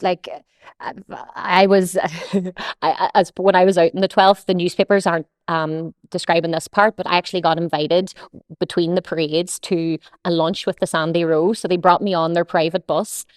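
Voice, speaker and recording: A woman's voice: fairly low pitch, level tone, normal speed, dry recording, clean studio sound. A young woman with a Northern Irish accent, a podcast guest telling stories bluntly and swearing freely. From Northern Ireland. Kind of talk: casual podcast interview.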